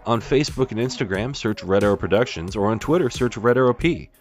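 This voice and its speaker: A man's voice: on the low side, quick pace, soft background music. A man co-hosting a podcast, tossing in dry quips and reading the show's sign-off. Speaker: podcast co-host. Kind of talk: casual chat.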